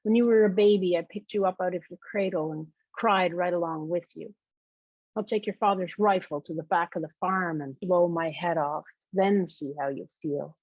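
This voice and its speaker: A woman's voice: lowish voice, moderate pace, no room sound, lo-fi sound. A woman reading a bitter, self-pitying middle-aged mother who talks in melodramatic guilt trips.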